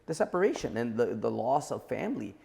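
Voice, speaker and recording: A man's voice: medium pitch, very animated, brisk, creaky, darkish tone. A man in his forties, a guest on a podcast interview, giving blunt and emphatic opinions. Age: 40s. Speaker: entrepreneur guest.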